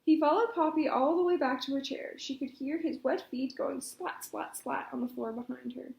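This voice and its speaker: A woman reading a children's storybook aloud at a storytime, expressive and animated. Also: high-pitched, moderate pace, vocal fry, slight background noise. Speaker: storytime reader. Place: library. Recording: echoey room.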